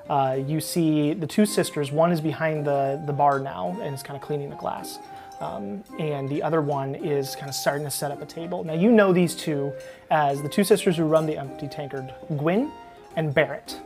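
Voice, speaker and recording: Woman game master, low voice, relaxed, halting delivery. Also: music in the background. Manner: relaxed, hesitant with fillers. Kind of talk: narrating a tabletop game.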